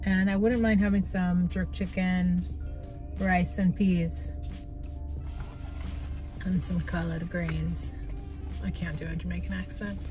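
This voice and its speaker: A woman's voice: fairly low pitch, little pitch movement, slow pace, long pauses, darkish tone, soft background music. A woman chatting casually to her camera as a lifestyle vlogger, upbeat and rambling. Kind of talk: casual vlog chat to camera.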